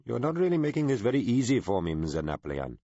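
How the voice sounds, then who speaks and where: A man's voice: mid-range voice, big pitch swings, a little fast, warm tone, dry recording, muffled recording, pitched above the performer's own voice. A man doing a fidgety, apologetic envoy. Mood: awkward. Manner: hesitant, apologetic. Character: nervous bashful middle-aged male ship envoy.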